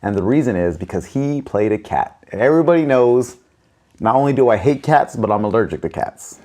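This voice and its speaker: A man co-hosting a comedy podcast, chatting casually with dry, deadpan jokes. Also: mid-range voice, a little fast. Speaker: podcast co-host.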